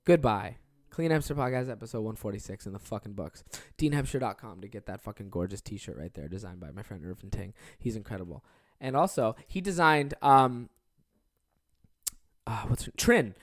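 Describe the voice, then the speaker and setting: A man's voice: fairly low pitch, lively intonation, normal speed. A young man hosting his own podcast alone from his office, rambling casually with lots of swearing and self-deprecating asides. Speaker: podcast host. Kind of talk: casual solo podcast chat.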